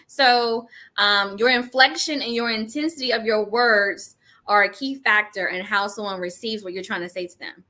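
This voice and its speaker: Speaking at a moderate pace in a medium-pitched, pushed and bright voice, this middle-aged podcast co-host talks about a book in a lively, casual way. She frequently performs the voices of the people she quotes.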